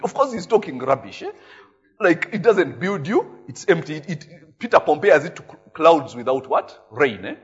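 A man with a Ugandan English accent preaching a sermon, telling stories in a lively way, tagging his lines with "eh?" and laughing often. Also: on the high side, slightly rough, highs cut off. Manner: animated storytelling, frequent "eh?" tags, laughing often. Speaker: pastor.

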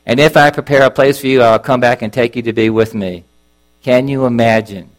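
A man preaching a sermon, earnest and openly emotional, often halting and restarting his sentences. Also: medium pitch, fairly even intonation, poor audio.

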